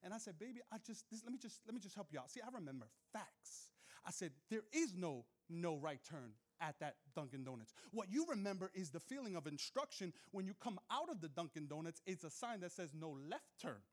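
High-voiced animated male preacher. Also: brisk. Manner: animated, jokes with the crowd, swings from soft asides to loud shouts. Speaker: pastor. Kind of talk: sermon with humorous storytelling. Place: church hall with live audience.

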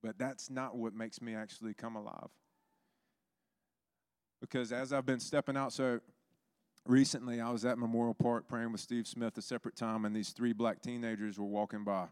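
A man's voice: mid-range voice, flat delivery, moderate pace, darkish tone, smooth, no echo, clean studio sound. A man preaching a sermon, telling stories and acting out the voices in them. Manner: storytelling, acts out quoted voices.

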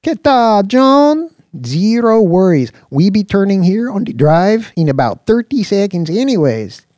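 A man's voice: high voice, big pitch swings, measured pace, a little mellow, no echo, pitched above the performer's own voice. A man voicing a cheerful, grinning male hover-limo pilot who speaks broken English with a thick Mexican accent. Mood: enthusiastic.

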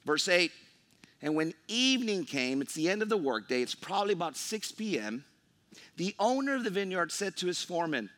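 A male pastor delivers a sermon, alternating scripture reading with lively retellings. His voice sits somewhat high and leaps through a wide, expressive range as he mimics complaining workers. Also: a little fast. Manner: animated preaching, acts out grumbling workers.

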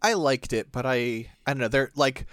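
A man's voice: mid-range voice, fairly quick, dry recording. Man rambling in dry casual chat. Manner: rambling, animated, with restarts. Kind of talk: casual chat about a video game.

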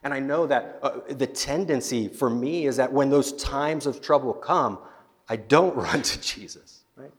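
A man preaching at a middle pitch, his voice carrying a long echo through a large hall. He tells a Bible story with lively storytelling and often repeats words on the way. It sounds like a live church sermon. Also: a little slow. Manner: storytelling, acting out biblical scenes, frequent repeated words. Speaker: pastor.

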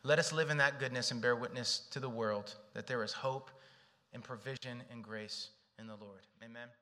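A male pastor preaching an earnest sermon, swinging between loud emphasis and soft, close appeals. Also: medium pitch, steady tone, moderate pace. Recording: long reverb in a large hall.

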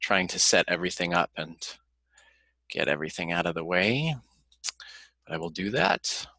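A man preaching in an earnest, measured way, leading prayer and then his sermon. His voice is bright and a little pitched down, recorded close and dry on a computer mic. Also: very animated, gravelly, dry recording. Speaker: pastor. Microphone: computer mic, online service.

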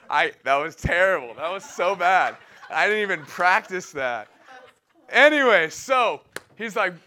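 Bright-voiced young man preaching casually. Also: sits high, animated, measured pace. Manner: casual and enthusiastic, laughing often between phrases. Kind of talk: sermon with personal storytelling.

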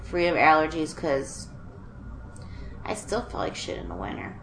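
A woman with a lowish voice chats casually as a co-host. She sounds stuffy and nasal from allergies and rambles along with fillers. A faint hum sits behind her. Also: sing-song, moderate pace. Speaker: podcast co-host. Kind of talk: casual chat.

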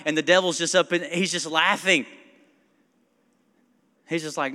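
A man's voice: fairly high pitch, fairly even intonation, unhurried, long pauses, bright, forceful tone. A male pastor giving a casual, story-driven sermon, quoting people and asking the congregation questions. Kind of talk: conversational sermon. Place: church sanctuary. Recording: long church hall reverb.

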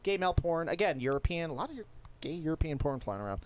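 A man's voice: on the high side, big pitch swings, fast talker, slight background noise. A man hosting a casual podcast, running through statistics in a crude, joking way. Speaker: podcast host. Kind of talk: casual chat.

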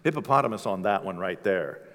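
A preacher putting on a slow, deep drawl for a deadpan primal man, each word dropped low and flat. It rings out in a big hall with a long reverb tail. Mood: musing.

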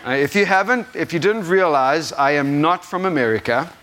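Rambling South African preacher, slightly high. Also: male voice, lively intonation, normal speed, a bit bright. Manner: rambling, self-deprecating, laughs often. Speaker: guest preacher. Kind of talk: informal sermon.

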